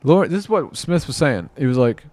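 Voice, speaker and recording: A man's voice: mid-range voice, very animated, brisk, a little mellow, no echo. A man giving rambling, exasperated reaction commentary, muttering to himself and mocking what he watches. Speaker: commentary vlogger.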